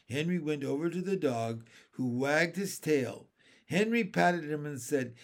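A man reads a children's chapter book aloud in expressive storytelling. He goes very slowly with a lively, melodic rise and fall. His voice has a gravelly, creaky grain, sitting slightly high. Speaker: narrator.

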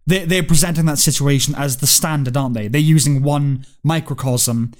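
Guy chatting about a tv episode, kinda high voice, wry and full of um's. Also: normal speed. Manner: chatty, wry, hedging with fillers. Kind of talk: casual chat reviewing a TV episode.

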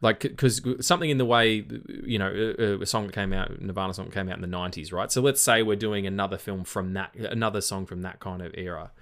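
Speaking quickly with few pauses, an Australian film-podcast co-host has a deep, slightly bright voice. He sounds tired and rambles casually, restarting often and cursing.

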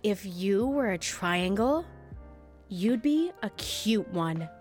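Woman, podcast co-host, giggly, bubbly, slow unhurried pace, lively pitch. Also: faint music behind. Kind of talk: casual chat, party game.

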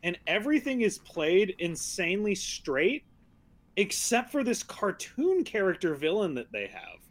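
A man co-hosting a casual movie-review podcast. His voice sits somewhat high for a man, and his delivery is sarcastic and loose, full of fillers and quick laughs. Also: sing-song. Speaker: podcast co-host.

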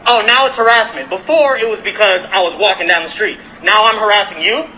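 Man, furious street confrontation, very high voice, sharp cutting tone, outdoors, phone recording. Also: fairly quick, slight background noise, poor audio. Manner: angry, profane, confrontational. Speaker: delivery worker.

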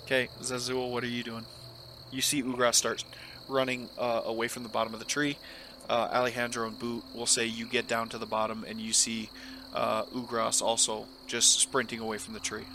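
A man's voice: medium pitch, monotone, normal speed, background noise. A man running a tabletop game as game master, narrating loosely with lots of fillers. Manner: casual, filler-heavy narration.

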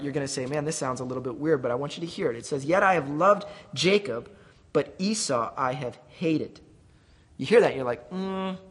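A man preaching a conversational sermon as pastor, slowing down to voice God's promises with emphasis. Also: on the high side, fairly bright tone, breathy edge, long reverb tail.

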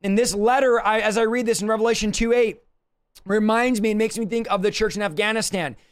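Livestreaming from his home office, a pastor with a strikingly high-pitched voice teaches scripture urgently and emphatically. He hammers his points and keeps slipping into quick asides, his intonation fairly even and his tone clear and resonant.

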